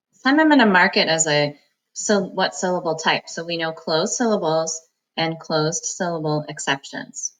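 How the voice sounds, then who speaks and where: A woman teaching a reading lesson, sounding out words slowly, syllable by syllable, for students. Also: on the low side, pushed and bright, rough recording. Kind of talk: phonics lesson.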